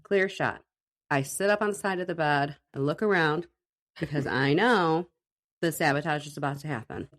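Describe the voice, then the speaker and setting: A woman co-hosting a podcast from her home recording room, telling a story in a casual, animated way, swearing and laughing as she goes. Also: low-pitched, moderate pace. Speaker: podcast co-host.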